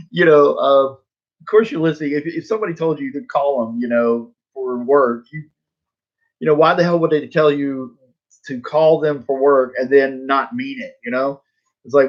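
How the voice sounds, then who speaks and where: A man's voice: mid-range voice, lo-fi sound. Laid-back man telling a rambling story. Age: 40s. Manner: laid-back, tongue in cheek; rambling, full of fillers, laughs at himself. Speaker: comic book artist. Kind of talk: casual storytelling to viewers.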